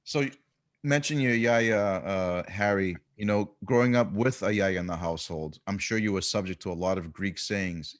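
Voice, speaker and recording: Relaxed low-voiced male podcast host. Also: normal speed. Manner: asks scripted questions in a relaxed way. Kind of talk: casual interview.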